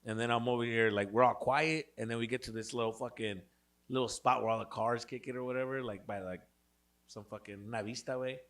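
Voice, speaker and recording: Young male podcast host, gravelly, profane, animated storyteller. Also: medium pitch, fairly quick. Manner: profane, animated, laughs a lot. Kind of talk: casual storytelling.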